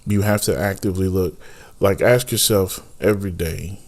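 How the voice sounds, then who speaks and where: A middle-aged man with a very deep, low voice co-hosts a relationship podcast with his wife. He sounds tired and rambles through his stories, joking and teasing along the way. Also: steady tone, normal speed. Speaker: podcast co-host. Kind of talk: casual married-couple chat.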